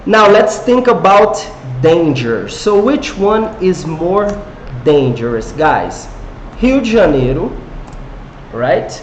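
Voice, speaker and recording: Lively Brazilian-accented male English teacher. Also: high voice, lo-fi sound. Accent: Brazilian Portuguese. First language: Portuguese. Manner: engaging, asks viewers questions and reads comments aloud. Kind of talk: live online English lesson. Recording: echoey room with faint noise.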